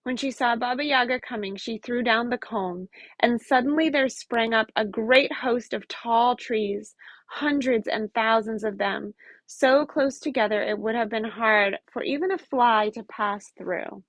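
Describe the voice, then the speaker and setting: A woman reading a folk tale aloud to children in an expressive, lively storytelling manner. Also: fairly high pitch, measured pace, dry recording.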